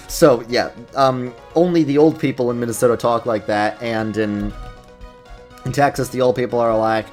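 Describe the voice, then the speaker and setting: A man's voice: medium pitch, moderate pace, a little mellow, faint music behind. A young man with a New York accent, hosting a casual video with rambling, self-deprecating commentary. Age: young adult. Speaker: YouTuber host. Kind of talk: casual commentary over gameplay.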